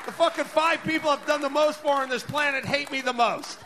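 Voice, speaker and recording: A male podcast host in a loud, profane, exasperated comedic rant that often breaks into shouting. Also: extremely high pitch, steady tone, fairly quick, crowd noise, background noise.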